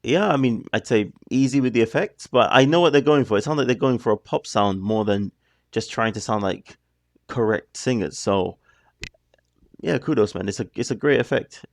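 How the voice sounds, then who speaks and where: Here a gravelly, mid-range male voice speaks at a normal pace on a dry recording. He hosts a reaction video, giving casual, rambling commentary on the music and often breaking off before finishing a thought.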